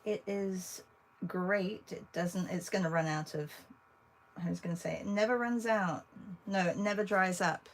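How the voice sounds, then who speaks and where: Slow, gravelly woman teaching art. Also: on the low side, low-quality recording. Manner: chatty, thinking aloud while drawing, talks to viewers. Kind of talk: casual livestream drawing demo.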